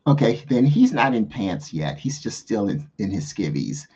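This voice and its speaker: A man playing a tabletop game, answering slowly and hesitantly. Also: on the low side, very animated, mellow, breathy edge. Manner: slow, hesitant, with laughs. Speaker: player. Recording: dull lo-fi sound.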